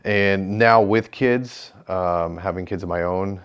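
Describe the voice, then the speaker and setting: A man's voice: low-pitched, slow, smooth. A man who works as a sheriff's deputy, a guest on a podcast, speaking hesitantly with many "um"s. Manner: hesitant, many "um"s, quiet and reflective. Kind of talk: casual podcast conversation.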